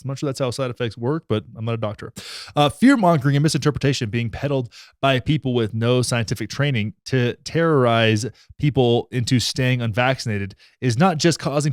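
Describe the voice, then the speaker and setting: A young man delivers satirical vlog commentary, swinging into mock outrage and dropping into deadpan asides while he reads a text aloud. His voice sits at an ordinary middle pitch for a man. The recording is dry, with no room sound around him. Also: no room sound. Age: young adult. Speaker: vlogger.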